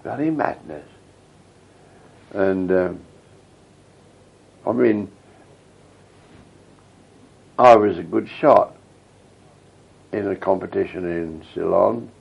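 Gravelly old man reminiscing. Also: sits low, slow, pauses often, dull audio. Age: older. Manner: rambling, reminiscing storyteller. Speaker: veteran interviewee. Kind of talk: oral history interview.

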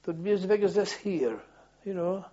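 A man's voice: high voice, lively intonation, normal speed, dark tone. An older man, recalling his army days in a rambling way, repeating words and chuckling. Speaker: interviewee recalling army service. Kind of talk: oral history reminiscence. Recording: dull lo-fi archive tape.

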